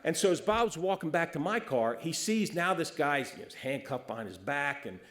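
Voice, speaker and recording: A man's voice: fairly high pitch, big pitch swings, moderate pace, fairly bright tone. A man, a police officer, telling a funny story at a roast. He often stammers and restarts, and he acts out the people he quotes.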